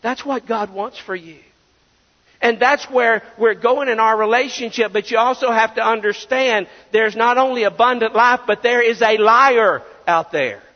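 A man with a high voice preaches a sermon, pressing his points with rhetorical questions. His words ring out with a long reverb, as if filling a church sanctuary. The audio is dull and lo-fi. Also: normal speed. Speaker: pastor.

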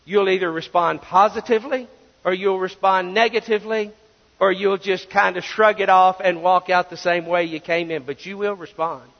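A pastor with a high voice and some vocal fry delivers a sermon at a normal speed and steady tone, driving his points home with rhetorical questions. A long reverb makes his words ring out as though they fill a church sanctuary, though the recording itself is dull and lo-fi.

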